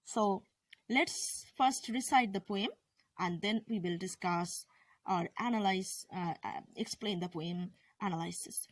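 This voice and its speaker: A woman's voice: mid-range voice, a little slow, dry recording. A woman teacher explaining a poem to her students, hesitant, often restarting and correcting herself. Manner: hesitant, with fillers and self-corrections. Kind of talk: classroom lesson on a poem.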